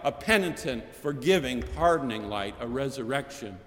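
An older man delivers a sermon from a chapel pulpit, mid-pitched and unhurried. He builds his points in rhetorical lists and repeated phrases. His voice rings out into the long reverb of a large chapel. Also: lively intonation. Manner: measured, rhetorical cadence with lists and repetition. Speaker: preacher.

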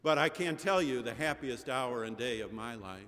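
A man's voice: mid-range voice, expressive, normal speed, a bit bright. A middle-aged man preaching an Easter sermon, telling stories with rising, emphatic cadences. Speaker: pastor. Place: large chapel. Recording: long chapel reverb.

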